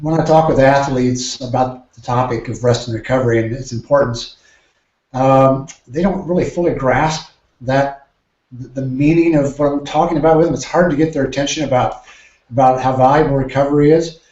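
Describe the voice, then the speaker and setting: A man, a triathlon coach, explaining training ideas in a podcast interview with measured, careful phrasing and frequent restarts. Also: medium pitch, a little mellow. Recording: roomy, dull lo-fi sound.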